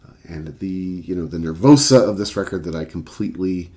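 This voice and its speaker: A man's voice: deep voice, brisk, mellow. A man telling a rambling anecdote and reviewing a record as a casual vlogger, with many fillers. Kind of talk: casual storytelling and album review.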